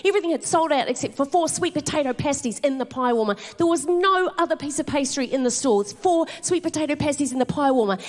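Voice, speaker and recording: On a theatre stage before a live audience, an animated New Zealand stand-up comedian tells stories in her set, swearing and laughing along the way. Her voice sits high.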